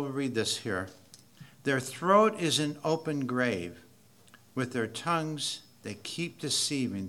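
A man teaching a Bible study class, slow and deliberate, repeating key phrases with building emphasis. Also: mid-range voice, sharp tone.

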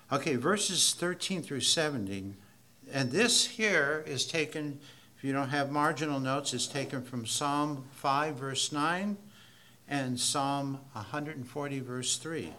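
A man teaching a Bible study class, slow and deliberate, repeating key phrases with building emphasis. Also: medium pitch, pushed and bright.

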